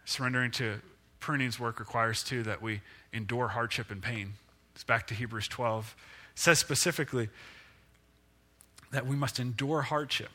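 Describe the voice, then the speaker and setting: Bright-voiced male pastor preaching. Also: normal speed. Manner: conversational and self-deprecating, with lively pitch swings. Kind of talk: sermon.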